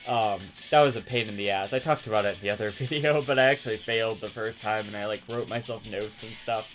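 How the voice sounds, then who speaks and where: Casual rambling retrospective, excitable, profane, frequent laughter, middle pitch, faint background music. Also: fast. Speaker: gaming video host.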